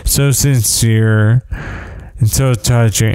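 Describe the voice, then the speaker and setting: A man's voice: on the low side, takes it slowly, mellow, clear, resonant tone, no room sound, studio quality. A man hosting a podcast who rambles through anecdotes in a casual chat, with self-deprecating asides. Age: parent of young kids. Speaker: podcast host.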